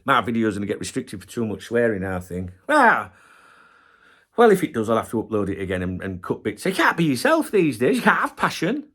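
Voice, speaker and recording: A man's voice: medium pitch, huge pitch swings, a little fast, fairly bright tone, husky. A middle-aged man hosting a football channel, ranting passionately and swearing heavily in a casual video.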